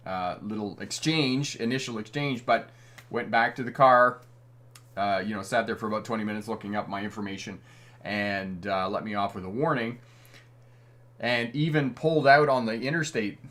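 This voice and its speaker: A man's voice: on the low side, a bit bright. A middle-aged man from Canada hosting a live stream as a driving instructor, reading out viewer comments in a friendly, chatty way and chuckling often. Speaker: driving instructor and livestream host.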